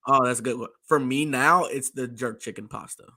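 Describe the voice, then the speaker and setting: A man whose voice is hoarse and nearly gone, chatting excitedly and laughing as a podcast co-host. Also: mid-range voice, brisk. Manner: excitable, laughing fan talk. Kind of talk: casual chat.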